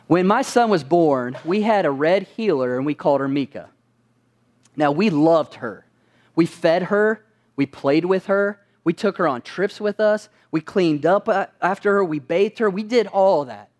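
A man's voice: fairly high pitch, animated, normal speed, darkish tone. A man preaching a sermon as pastor, asking his listeners rhetorical questions and answering them with emphasis.

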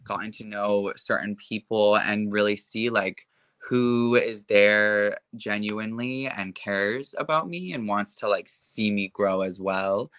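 A man's voice: on the low side, slow pace, a bit bright, clean tone, dry recording. A young man in a casual interview, talking frankly with lots of fillers like "like" and "you know". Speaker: interview guest. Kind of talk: casual conversation.

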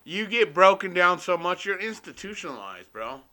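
Young man, very bright voice, clear tone, profane rambling storyteller. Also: sits high, very animated, normal speed. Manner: swears constantly, rambling, laughs at his own story.

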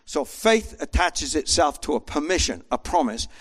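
A man preaching a sermon with an animated manner, acting out voices as he tells the story. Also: fairly high pitch, normal speed, breathy edge. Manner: animated, acts out voices in quotes.

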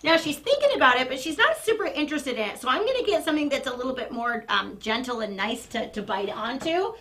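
A woman dog trainer demonstrating toy play on a live stream, chatty and animated, breaking into excited praise for the dog. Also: high voice, fast talker, slight background noise, rough recording.

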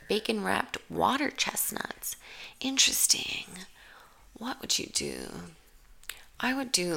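A woman's voice: fairly low pitch, creaky, pushed and bright. A woman giving casual reaction commentary while watching a show, sarcastic and profane, with rambling asides.

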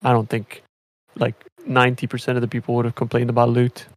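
A man's voice: medium pitch, completely flat delivery, quick pace. A man chatting casually about a video game, rambling with many fillers and restarts. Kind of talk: casual gaming chat.

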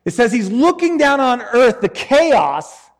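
A man preaching a sermon in an animated, joking, conversational way. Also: extremely high pitch, a little slow, in a large hall.

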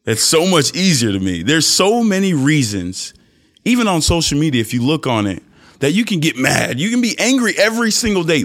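A young man hosting a podcast, giving an earnest, preachy, faith-based motivational talk that often jumps into high mock voices for emphasis. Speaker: podcast host.

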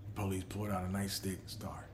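A middle-aged man hosting his own podcast, telling stories in a loose, profane, animated way. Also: sits low, quick pace, a little hiss or hum. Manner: animated storyteller who acts out quotes. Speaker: podcast host. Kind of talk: casual podcast monologue.

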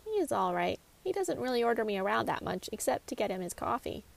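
An indignant young woman of about twenty, huffy and quick to flare up, as a woman reads her lines. Her voice rides high and loud, with a gravelly rasp underneath, in a storybook mystery. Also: big pitch swings, heavily acted.

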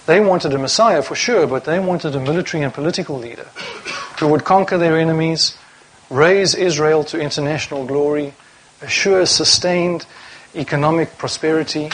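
A man's voice: on the high side, moderate pace, a little hiss or hum, rough recording. A man preaching a sermon to a congregation, reading scripture aloud and asking rhetorical questions.

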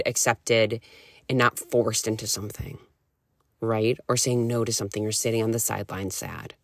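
Candid, animated woman podcaster on a dry mic. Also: a bass voice, no echo. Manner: candid and animated, peppered with "like" and casual swearing. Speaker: podcast host and nutrition coach. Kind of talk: casual solo podcast talk.

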